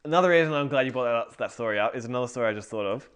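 A man's voice: mid-range voice, lively intonation, rapid-fire, clean tone. Rambling casual man telling faith stories. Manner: rambling, self-correcting, storytelling. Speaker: podcast co-host.

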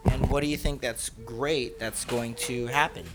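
A man's voice: mid-range voice, fairly even intonation, measured pace. Dad chatting w his kids at home, patient, lots of questions, noisy recording. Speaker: father. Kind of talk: casual family chat.

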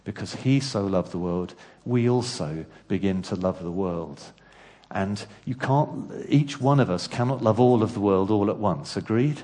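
Emphatic low-voiced pastor preaching. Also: male voice, a little slow. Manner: builds to loud emphatic lists, repeats words. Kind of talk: sermon. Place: church hall.

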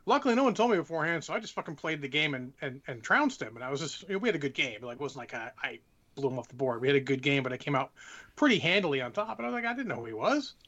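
Man, podcast co-host, higher voice, forceful, lo-fi sound. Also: big pitch swings, racing. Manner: swearing, giving advice. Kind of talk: casual chat.

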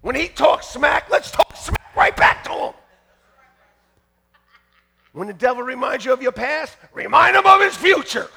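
A man preaching a fiery sermon to his church, shouting and joking by turns. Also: very high-pitched, big pitch swings, measured pace, creaky, long pauses, husky. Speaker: pastor. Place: church sanctuary.

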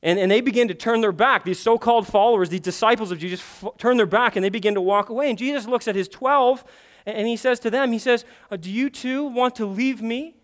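Male pastor, high-pitched voice, emphatic sermon delivery with loud urgent swells and quiet intimate stretches, rhetorical questions. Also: quick pace. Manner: emphatic, swings between loud urgent passages and hushed intimate ones; conversational asides and rhetorical questions.

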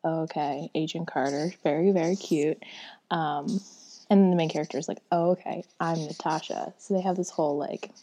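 A woman's voice: deep voice, fairly even intonation, moderate pace, dark tone. Chatty young woman, rambling book talk. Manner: rambling, chatty, many fillers. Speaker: book reviewer. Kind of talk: casual book chat.

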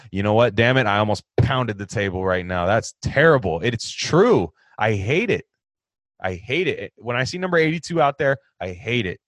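A man hosting a casual sports talk, answering fan questions in an animated, ranting way that swings from loud outbursts to low mutters. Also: no echo, clean studio sound.

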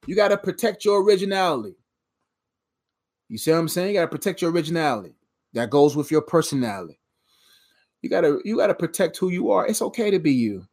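A motivational speaker whose voice sits high preaches a faith-based message straight to camera. She is emphatic, repeats herself in a conversational way, and laughs at her own jokes.

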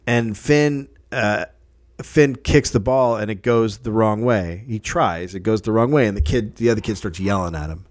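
A man hosting a casual chat, telling animated, profane anecdotes and acting out the quotes. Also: medium pitch, fairly quick.

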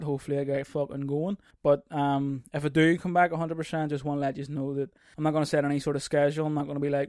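A man's voice: fairly high pitch, little pitch movement, rapid-fire, hardly any pauses, smooth, dry recording. Foul-mouthed man ranting solo, dry mic. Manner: profane, rambling, jumps into loud mocking outbursts. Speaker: podcast host. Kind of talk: casual solo podcast rant. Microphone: mic on a stand.

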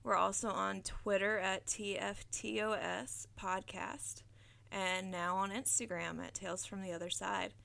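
Gravelly-voiced woman telling scary stories. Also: mid-range voice, measured pace. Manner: steady, dramatic storytelling with a relaxed, chatty outro. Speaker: podcast host and storyteller. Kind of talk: horror story reading.

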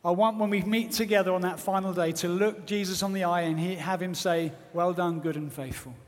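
Fervent preacher in a big hall. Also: male voice, high voice, fairly even intonation, fairly quick. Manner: fervent, earnest, rising to loud exhortation. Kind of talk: sermon. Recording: long hall reverb.

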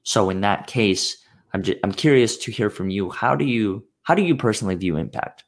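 Deep-voiced male podcast host. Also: expressive. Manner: measured, asks reflective questions. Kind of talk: interview conversation.

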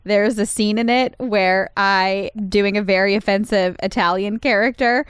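A woman co-hosting a casual film podcast, animated and quick to laugh, with fast asides. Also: mid-range voice, smooth, no room sound, studio quality. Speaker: podcast co-host. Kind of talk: casual chat about films.

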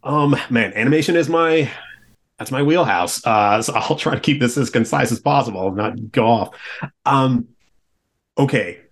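A man talking as a podcast guest, animated and opinionated, now and then swearing. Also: mid-range voice, normal speed. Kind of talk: casual roundtable chat.

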